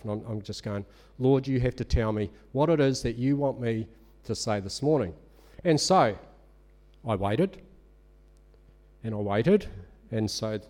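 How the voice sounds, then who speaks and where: A man giving a conversational sermon, telling a personal story in an animated, storytelling way. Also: medium pitch. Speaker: lay preacher.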